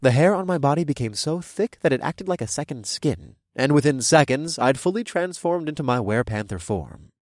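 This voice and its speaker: A man narrating a first-person story with an expressive, lively read, his pitch moving a lot. The recording is dry and close, with no room echo at all. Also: brisk, hardly any pauses. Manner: expressive, animated reading. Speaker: audiobook narrator.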